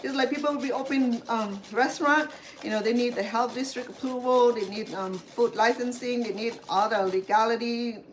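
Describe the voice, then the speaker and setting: A Cambodian woman casually demonstrates home cooking, her fairly high voice steady and moderately paced. She drifts into rambling asides with many fillers and restarts. Dishes, pots and pans clatter clearly in the kitchen, with slight background noise.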